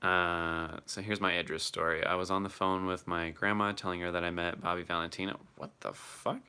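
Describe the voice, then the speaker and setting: A man's voice: low voice, little pitch movement, brisk, sharp tone, smooth. A man chatting casually on a live stream and answering his chat, laughing often and swearing freely.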